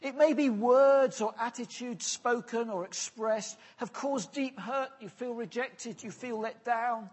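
A man preaching an earnest, pastoral sermon, often letting his phrases fall soft and low at the end. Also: unhurried, few pauses, breathy edge. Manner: earnest, pastoral, drops softly at phrase ends.

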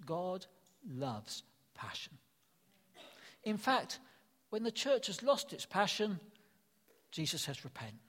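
An older man preaching with earnest emphasis, his high voice rising and falling in lively swings. He leans on repeated phrases, and the sound rings out in an echoey hall. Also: takes it slowly, pauses often. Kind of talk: sermon.

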